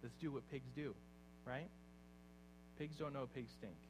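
A man preaching a sermon, dropping to quiet, low asides and then rising into loud exhortation. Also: unhurried. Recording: faint mains hum behind.

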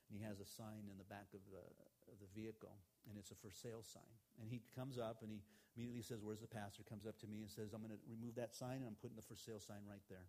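A man's voice: on the low side, darkish tone. A middle-aged man, a pastor, preaching a sermon in a conversational storytelling way, retelling a conversation with quoted lines.

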